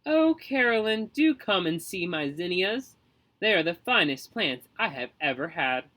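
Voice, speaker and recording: A man's voice: fairly high pitch, very animated, unhurried, pushed and bright, heavily acted, poor audio. A man voicing a fussy, doting mother who gushes over her son and coddles him. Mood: cheerful. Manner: gushing, coddling.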